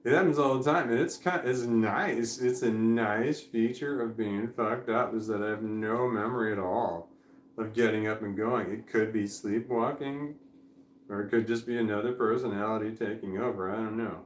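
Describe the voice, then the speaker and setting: A man's voice: lowish voice, normal speed. Drowsy, rambling man in an echoey room. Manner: drifting, candid, swears often, laughs between thoughts. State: drowsy and foggy. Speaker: vlogger. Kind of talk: rambling live stream monologue. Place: indoors at home.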